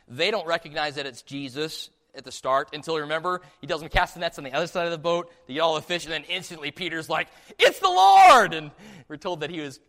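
Male pastor, slightly high voice, animated sermon storyteller. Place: church sanctuary. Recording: long hall reverb.

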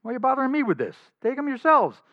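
A man voicing an impatient Roman governor who brushes off a case, speaking loudly and dismissively in a sermon retelling. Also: extremely high pitch, sing-song, rapid-fire, no echo, pitched above the performer's own voice. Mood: exasperated. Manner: loud, brusque, dismissive. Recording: slightly dull lo-fi recording.

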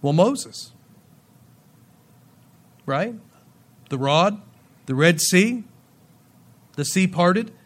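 Very slowly and expressively, with long pauses, a high-voiced pastor preaches to his congregation. Scripture readings give way to playful asides, and his delivery swings from loud emphasis to quiet endings that drop off.

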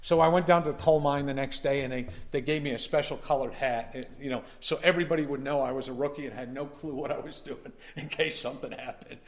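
A man's voice: mid-range voice, steady tone, fast, few pauses. A male pastor delivering a sermon, telling a personal story in a folksy way and building up to emphatic preaching.

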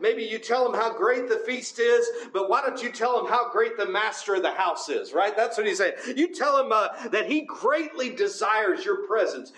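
High-pitched male preacher, conversational sermon delivery. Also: fairly bright tone, roomy sound, poor audio. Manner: conversational, often asks the congregation "right?".

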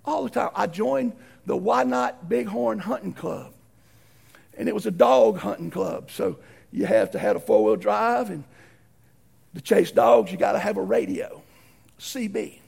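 Man, preacher, gravelly and husky, very high-pitched, animated storyteller. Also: a little slow. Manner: animated, acts out voices in stories. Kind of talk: folksy storytelling sermon.

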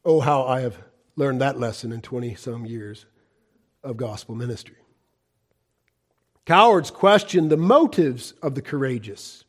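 A middle-aged male pastor preaching a fiery sermon, swinging from loud cries to hushed, low warnings.

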